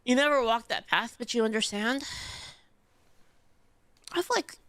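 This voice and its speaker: A woman with a fairly high voice, rambling through an emotional, profane livestream monologue. Her talk is casual and full of fillers. The recording is dry and close, with no room sound. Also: lively intonation, unhurried, a bit bright, no echo. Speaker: streamer.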